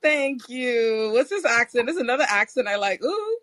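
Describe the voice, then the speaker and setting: A woman from the West Indies hosting a live call-in podcast, an attorney who talks in an animated, teasing, slangy way. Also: a little high, moderate pace, no room sound. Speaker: host and attorney.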